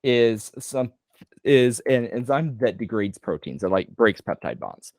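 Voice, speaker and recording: A man tutoring a student on a video call, explaining loosely with casual slang and quick self-corrections. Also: mid-range voice, big pitch swings, darkish tone, dry recording, studio quality. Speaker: medical tutor.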